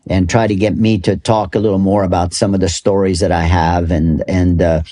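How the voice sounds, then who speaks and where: Older male guest, slightly low voice, rambling anecdotal storyteller who laughs a lot. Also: flat delivery, brisk, mellow. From Canada. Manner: rambling, laughs often, many restarts. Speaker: golf club ambassador. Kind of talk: storytelling interview.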